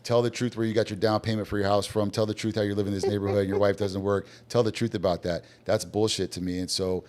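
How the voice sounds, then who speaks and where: A man's voice: lowish voice, fast. A man telling his business story bluntly in casual talk, acting out the voices of people he quotes. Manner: blunt, animated, acts out quoted dialogue. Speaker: guest business owner.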